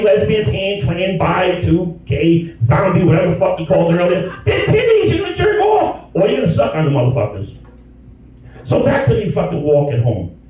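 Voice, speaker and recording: A middle-aged man doing stand-up, crude and rambling, his high voice swinging wildly up and down as he rants. He sounds far from the mic, the sound dull and washed in heavy club echo, with faint room noise behind him. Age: 50s. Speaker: stand-up comedian. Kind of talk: stand-up comedy set. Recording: distant, dull audio in an echoey club.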